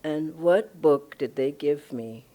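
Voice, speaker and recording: A woman's voice: deep voice, slow pace, dark tone. An older woman from Los Angeles, a spiritual director telling her story enthusiastically and laughing often. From Los Angeles, USA. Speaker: spiritual director giving a satsang talk. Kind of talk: personal storytelling talk.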